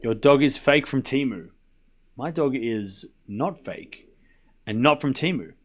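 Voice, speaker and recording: A man calling a tennis match live for his stream viewers, giving quick play-by-play and chatting with viewers and his pet dog between points. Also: mid-range voice, lively intonation.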